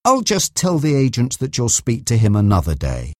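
A man voicing a calm, careful male doctor. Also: mid-range voice, dry recording, studio quality. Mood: measured. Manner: measured, deliberate.

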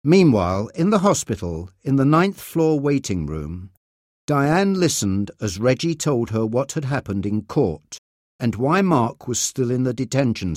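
A man reading a story aloud in a clear, expressive audiobook style. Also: mid-range voice, no echo, clean studio sound. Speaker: narrator.

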